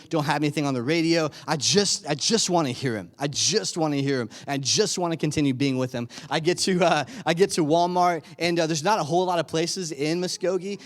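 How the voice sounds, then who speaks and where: Guy preaching in church, kinda high voice, super animated storytelling, lots of restarts and self-mocking jokes. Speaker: youth pastor turned preacher. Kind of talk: sermon with personal story. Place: church sanctuary.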